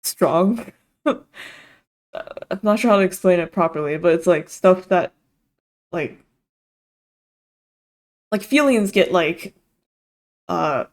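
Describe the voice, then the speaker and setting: A woman's voice: on the low side, expressive, slow pace, pauses often. A young woman streamer reading a visual novel aloud, with giggly, rambling asides full of "like".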